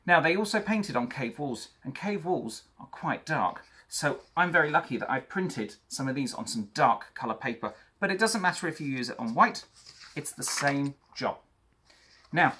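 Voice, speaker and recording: A young man teaches an art lesson for children, chatting directly to his young viewers. His voice is husky, medium in pitch, pushed and bright.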